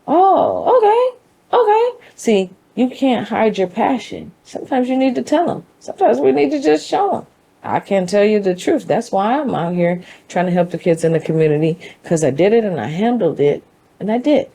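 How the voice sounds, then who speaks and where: A woman with a lowish, mellow voice talks straight to the listener in a motivational monologue. She is emphatic and conversational, with a preachy edge. Her tone stays relaxed and warm even as she drives her points home. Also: normal speed, poor audio. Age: adult mother. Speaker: show host.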